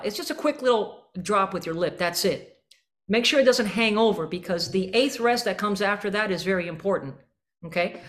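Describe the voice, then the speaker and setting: Woman, band clinician, energetic coaching, scats rhythms, rehearsal room. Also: mid-range voice, moderate pace. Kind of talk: rehearsal coaching with sung examples.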